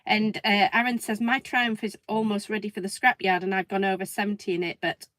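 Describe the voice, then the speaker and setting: A woman's voice: mid-range voice, flat delivery, a little fast, a bit bright, no room sound. A middle-aged woman co-hosting a livestream, reading out viewer comments and laughing often as she goes. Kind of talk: casual livestream chat.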